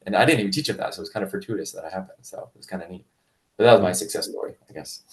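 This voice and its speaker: Fast-talking deep-voiced man telling stories. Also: recorded from a distance. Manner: rambling with many restarts and fillers; acts out quoted voices in a much higher pitch. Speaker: martial arts instructor, guest. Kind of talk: casual storytelling interview.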